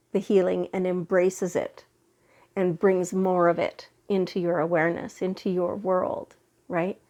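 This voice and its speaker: Woman, spiritual card reader, unhurried and reassuring, slightly under the weather from a cold. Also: mid-range voice. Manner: slow, gentle, reassuring with fillers and restarts. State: recovering from a head cold. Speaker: tarot and oracle card reader. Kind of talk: spiritual weekly reading.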